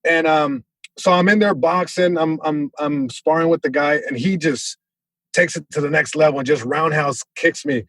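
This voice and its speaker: A man from Southern California, a comedian guest telling a story on a podcast, animated, with many restarts. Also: fairly high pitch, normal speed, dry recording, rough recording.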